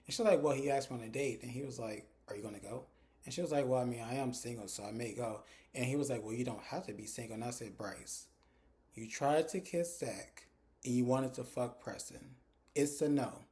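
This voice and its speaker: A chatty man retelling a TV episode scene by scene, slipping into the characters' lines as he goes. His voice sits at a middle pitch with a mellow, warm tone. He talks directly to his viewers in a relaxed, casual way. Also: quick pace. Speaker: TV recap reviewer.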